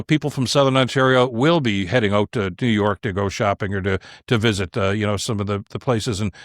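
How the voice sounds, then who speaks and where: A man who talks quickly and with emphasis, piling on points in an animated way. His voice sounds close and dry. He is a podcaster speaking as a guest on a conversational show. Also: on the low side, no echo. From Canada. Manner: emphatic, animated, repeats words when starting a point. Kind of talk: conversational opinion talk.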